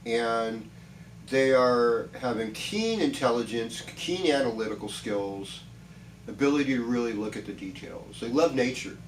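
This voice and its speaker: A man's voice: medium pitch, measured pace, reverberant, distant mic, a little hiss or hum, low-quality recording. A man giving a chatty, reassuring weekly horoscope talk, rambling with many restarts. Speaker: astrologer.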